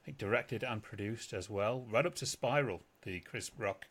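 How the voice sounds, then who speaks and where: A man's voice: fairly low pitch, moderate pace, slightly rough. A man co-hosting a podcast, asking questions in a joking, casual way. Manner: joking, animated. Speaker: podcast co-host. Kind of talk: casual interview chat.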